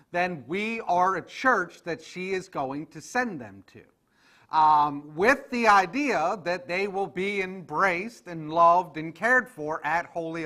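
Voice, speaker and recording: A man with a high voice teaches an adult church class in an easy, conversational way. He talks loosely and keeps checking in with the group as he goes. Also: sharp tone. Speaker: pastor leading an adult class.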